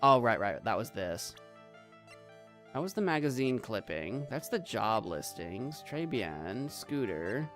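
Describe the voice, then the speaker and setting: A man streaming a game, giving playful, animated commentary and bantering with his chat. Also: medium pitch, slow, music in the background. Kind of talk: let's play commentary.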